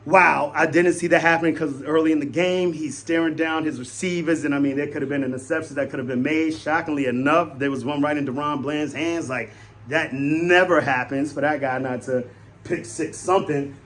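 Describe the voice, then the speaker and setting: Young male fan vlogger, slightly high voice, casual and excitable postgame rant. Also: fairly quick. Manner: excitable, swings between loud hype and low mutters.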